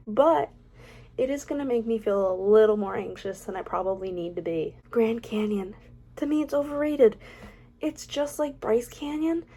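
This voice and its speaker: A woman's voice: fairly high pitch, dark tone, slightly rough. A young woman vlogging casually, reading out facts and adding chatty, opinionated, self-mocking asides. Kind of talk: casual ranking vlog, reading facts aloud.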